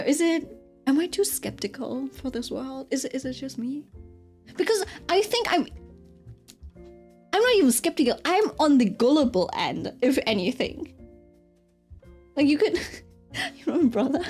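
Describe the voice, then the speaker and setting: Young woman with a high voice, chatty and giggly, just rambling while she draws, faint music in the back. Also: a little mellow. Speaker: artist streaming while drawing. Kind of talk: casual chat while drawing.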